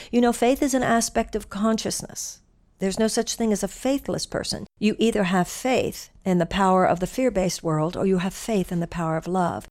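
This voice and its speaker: A woman giving an inspirational talk, earnest and animated as she tells a story. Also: mid-range voice. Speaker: spiritual teacher.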